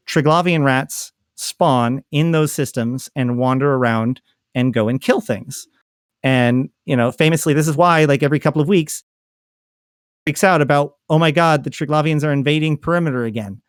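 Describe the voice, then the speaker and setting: A man's voice: medium pitch, no room sound, clean studio sound. A man co-hosting a gaming podcast, talking things through casually with many fillers and restarts. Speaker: podcast co-host.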